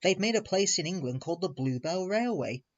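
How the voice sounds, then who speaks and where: A man doing a squeaky anxious little engine. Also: lively intonation, brisk. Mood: eager. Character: small fretful green tank engine boy. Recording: muffled recording with soft music.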